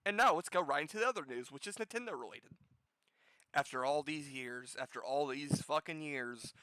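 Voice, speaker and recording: A man hosting a gaming news show with casual commentary, profane and sarcastic, jumping from loud outbursts to low muttering. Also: normal speed, dry recording, low-quality recording.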